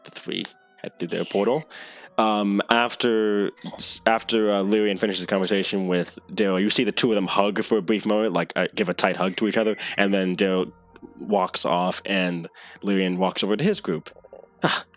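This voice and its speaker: Casting: man, low voice, game master narrating a tabletop session online, halting with restarts, light music under it. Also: fairly even intonation. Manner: hesitant, restarts often.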